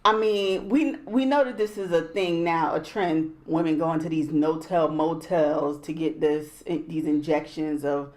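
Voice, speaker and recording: A woman's voice: deep voice, steady tone, measured pace, hardly any pauses, a little mellow. A woman co-hosting a casual podcast chat, blunt and opinionated. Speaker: podcast co-host.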